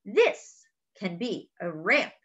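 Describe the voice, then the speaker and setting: A woman doing a calm storybook dad. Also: medium pitch, slow, muffled recording. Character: practical storybook father.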